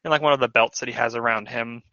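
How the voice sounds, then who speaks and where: A man's voice: mid-range voice, fairly even intonation, fast talker, sharp tone, no room sound. A man narrating as game master of a tabletop game, rambling with many fillers and restarts. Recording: dull lo-fi audio.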